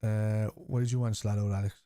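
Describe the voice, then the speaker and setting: A fan channel host with a lowish, dark voice in a level tone hosts a live fan watchalong, speaking fairly quickly. He reads out and answers viewer chat in a blunt, casual way and swears freely. The recording is dry and studio quality.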